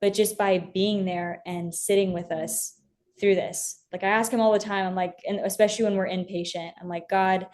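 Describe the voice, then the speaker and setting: A woman's voice: mid-range voice, steady tone, normal speed, a little mellow. A young woman as an interview guest, talking earnestly and from the heart about her faith, with many fillers and restarts. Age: young adult.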